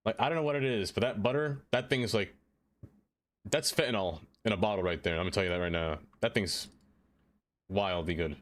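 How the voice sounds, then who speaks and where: A young man streaming live, chatting casually with viewers in an animated, joking way and laughing often. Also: lowish voice, brisk.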